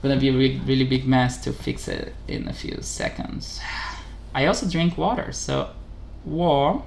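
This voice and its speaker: A man hosting a casual vlog, talking haltingly in English, correcting himself and chuckling as he practices a new language. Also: medium pitch, vocal fry, darkish tone, slight background noise. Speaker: channel host.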